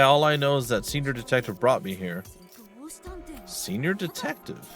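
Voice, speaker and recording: A man gives voice to a composed boy detective who reasons everything through in a level, measured tone. He sounds quietly curious and precise, like a video game brainiac. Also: on the low side, close to an everyday voice. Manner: measured, analytical. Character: calm analytical boy detective in a wheelchair.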